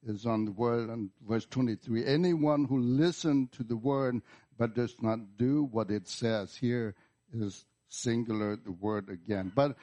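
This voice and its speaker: Male pastor, slow sermon delivery, repetitive emphatic phrasing. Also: medium pitch, warm tone, highs cut off. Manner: slow, deliberate preaching with repeated words and emphatic restarts. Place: church.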